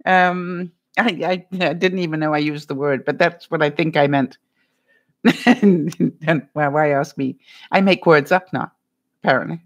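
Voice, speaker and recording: A woman's voice: deep voice, unhurried. Chatty middle-aged woman vlogger, laughing. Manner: rambling, laughs often, many fillers. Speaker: vlogger hosting a live stream. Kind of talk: casual chat reading viewer comments.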